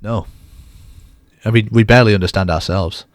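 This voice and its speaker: A man's voice: on the low side, normal speed, dry recording, studio quality. A man co-hosting a podcast, chatting casually in a bantering, self-deprecating way. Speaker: podcast co-host.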